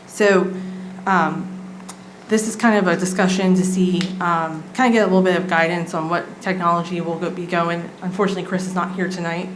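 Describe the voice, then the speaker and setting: A woman's voice: fairly low pitch, fairly even intonation, fairly quick. A woman, a city staff member presenting a budget item at a council meeting in a casual way with many filler ums. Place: council chamber. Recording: echoey chamber, background noise.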